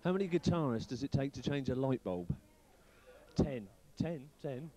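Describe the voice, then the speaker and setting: A man's voice: mid-range voice, animated, normal speed, mellow. A man, a band member, telling a musicians' joke at a pub. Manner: modest, plain delivery.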